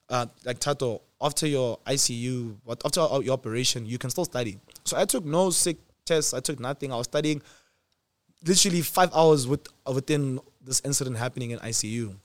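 A man in his twenties telling a personal story in casual chat, animated, acting out quotes with sudden jumps in pitch and loudness. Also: no room sound. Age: 20s. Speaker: host.

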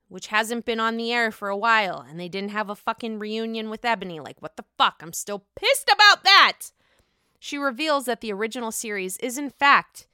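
Young woman gossip host, sassy and swearing, bright clear voice, lively pitch, dry sound. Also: no echo. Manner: sassy, profane, expressive. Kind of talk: casual gossip commentary.

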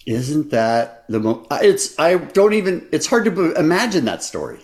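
Guy cohost, kinda high voice, earnest, lots of up and down in how he talks. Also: very animated, moderate pace, slight background noise. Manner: earnest, recaps the story emphatically. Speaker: podcast co-host. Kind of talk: casual chat.

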